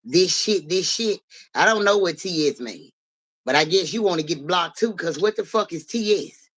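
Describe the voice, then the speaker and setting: A man runs a casual livestream and answers his viewers' comments out loud. He talks bluntly and swears freely, with an animated edge to his fairly high voice. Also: moderate pace, poor audio. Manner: blunt, profane, animated, talks back to chat. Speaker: livestream host.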